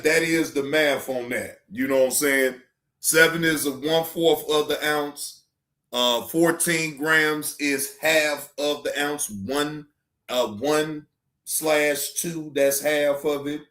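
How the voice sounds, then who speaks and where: A man's voice: mid-range voice, a bit bright, reverberant. A man hosting a livestream in casual chat, rambling loosely with slang and swearing as he talks to his chat. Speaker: livestream reaction host.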